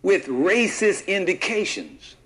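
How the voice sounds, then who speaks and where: A man with a high voice delivers a sermon, reading verses and pausing on "what?" so the congregation fills in the word. His delivery is halting at times, with repeated words and restarts. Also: wildly swooping pitch, fairly bright tone, rough recording. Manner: call-and-response, prompting the congregation with "what?". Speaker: preacher.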